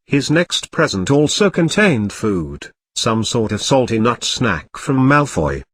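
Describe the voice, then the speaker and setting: Brief: deadpan male parody narrator, animated intonation. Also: medium pitch, a little slow, husky. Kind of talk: comic storybook narration.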